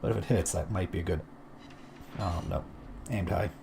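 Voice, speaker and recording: Low, gravelly male game streamer. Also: moderate pace, background noise. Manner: rambling, self-deprecating asides. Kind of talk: casual gameplay commentary.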